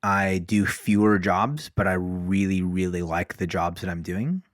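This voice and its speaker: A man, a podcast guest, telling stories in a casual, animated way, often saying "like" and acting out dialogue. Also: sits low, a little slow, no echo, clean studio sound. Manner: animated, fills speech with "like", acts out dialogue. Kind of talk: casual storytelling.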